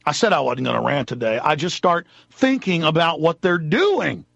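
High-pitched ranting man, sharp and loud. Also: lively intonation, normal speed, vocal fry, breathy edge, dry recording, muffled recording. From Texas. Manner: shouting, accusatory, ranting. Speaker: talk show host. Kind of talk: angry political rant.

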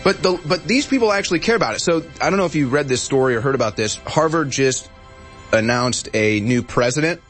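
A man's voice: medium pitch, animated, brisk, a bit bright, soft background music. A man hosting a talk show, joking and sarcastic in casual chat. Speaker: host.

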